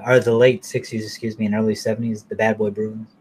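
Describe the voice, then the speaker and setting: A man ranting casually to camera in a blunt, profane, rambling way, now and then mocking people in a high falsetto. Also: little pitch movement, fast, darkish tone, slightly rough. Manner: mocks others in high falsetto. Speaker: vlogger.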